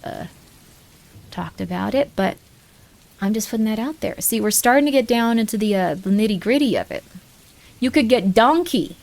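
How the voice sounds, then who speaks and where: A woman streamer chatting casually in a rambling, joking way, often cutting herself off mid-thought. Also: fairly high pitch. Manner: rambling, joking, self-interrupting. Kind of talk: casual live-stream chat.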